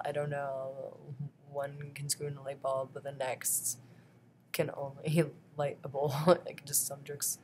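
A woman's voice: a bass voice, completely flat delivery, moderate pace, a little mellow, slight background noise. A woman talking straight to camera in a rambling vlog monologue, often breaking into laughs between phrases. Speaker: vlogger.

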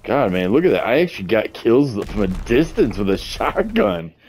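A man giving casual gameplay commentary, excitable and joking, swearing often, a bit hoarse. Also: on the low side, moderate pace, slight background noise. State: losing his voice. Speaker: gaming commentator. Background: game music and gunfire.

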